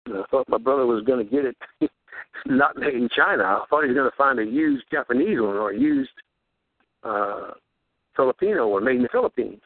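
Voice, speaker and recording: A man hosting a radio show, preaching in a fervent, repetitive ramble and rising high on rhetorical questions. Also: very animated, brisk, creaky, no echo. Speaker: radio host. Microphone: handheld recorder. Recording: tinny phone-like radio audio.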